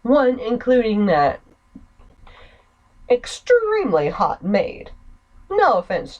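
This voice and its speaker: A woman narrating her own game run with chatty, joking asides. Her voice is fairly high and swings widely in pitch. She talks at an unhurried pace. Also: wildly swooping pitch, a little mellow, lo-fi sound. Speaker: gamer. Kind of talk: let's play commentary.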